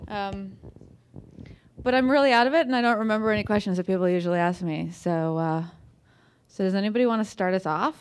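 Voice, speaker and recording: Speaking fairly quickly at a medium pitch, an American author addresses a museum event room in a loose, chatty way, making fun of herself and restarting often amid plenty of fillers. Slight background noise can be heard.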